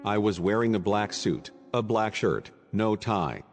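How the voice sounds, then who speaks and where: A man with a fairly low voice narrates an audiobook in a measured, ironic, literary manner. His reading rings out in a long reverb. Faint music plays underneath.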